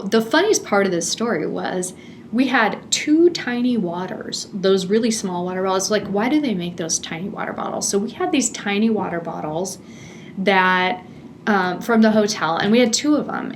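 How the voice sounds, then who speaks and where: This is a middle-aged woman hosting her own podcast and recounting a family trip. She talks in a chatty, animated way and laughs often, in a mid-range voice. A faint background noise sits under the recording. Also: medium pitch. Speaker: podcast host. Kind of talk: personal storytelling monologue.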